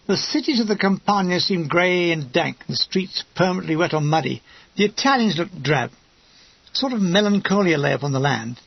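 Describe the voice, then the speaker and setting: A man's voice: sits high, lively intonation, normal speed, gravelly, breathy edge, no room sound. A man narrating a war memoir audiobook in a wry, comic storytelling manner. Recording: dull lo-fi dry recording.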